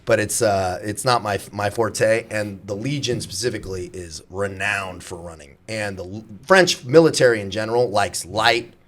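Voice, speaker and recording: A man's voice: fairly low pitch, moderate pace, few pauses. A man in his thirties, a former soldier guest on a podcast, telling stories in casual, profane, laugh-filled chat. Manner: profane, laughing, animated storytelling.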